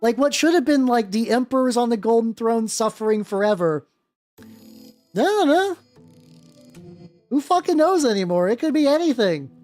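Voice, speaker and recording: A woman's voice: fairly high pitch, lively intonation, a little fast, few pauses, warm tone. Rambling, profane woman streamer. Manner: rambling, profane, many restarts. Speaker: streamer and host. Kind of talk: casual livestream chat while painting. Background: faint background music.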